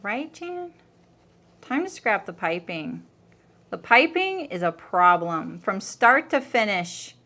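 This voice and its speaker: A woman's voice: medium pitch, sing-song, takes it slowly, sharp tone. A woman hosting a sewing livestream, chatting casually and thinking aloud as she works, with frequent laughs. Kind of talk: casual chat while sewing.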